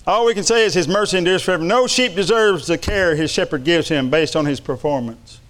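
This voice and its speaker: A man's voice: a little high, brisk, fairly bright tone. Fervent preacher man. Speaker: pastor. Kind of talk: sermon.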